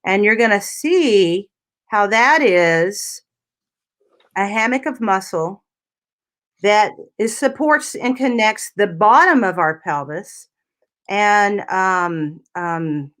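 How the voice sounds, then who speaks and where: A woman physical therapist guiding listeners through anatomy on a talk radio interview. Her voice sits in a middle pitch, and she talks in a patient, step-by-step way, often tagging on "you know" and "right?" as she explains. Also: lively intonation, slow, fairly bright tone.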